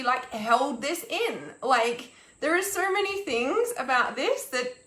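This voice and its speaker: A woman's voice: sits high, pushed and bright. A young woman ranting angrily on a live stream, swearing and restarting her sentences as she talks about reaching her limit. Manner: fuming, swearing, halting restarts. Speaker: intuitive healer and mentor, live streaming. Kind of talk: angry live-stream rant. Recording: echoey room.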